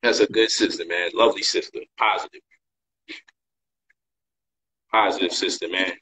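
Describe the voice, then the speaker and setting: A man's voice: low voice, steady tone, fast talker, bright, forceful tone, husky, low-quality recording. A man hosting a casual livestream monologue, emphatic and repetitive in his talk, full of slang. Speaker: livestream host and author.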